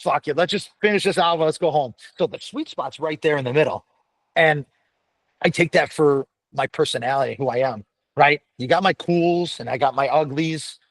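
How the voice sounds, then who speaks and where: A middle-aged man talks frankly and animatedly, with constant swearing, in a candid podcast conversation. His voice sits somewhat high for a man. The recording is dry and close, with no room sound. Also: moderate pace, dry recording, rough recording. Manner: blunt, profane, animated storytelling. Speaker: podcast guest, veteran firefighter.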